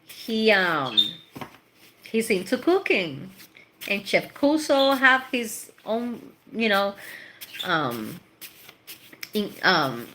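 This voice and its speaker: A woman's voice: medium pitch, sharp tone, a little hiss or hum. A middle-aged woman, a tarot reader, chatting casually and rambling with laughs and bits of Spanish slang. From Puerto Rico. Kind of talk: casual chat.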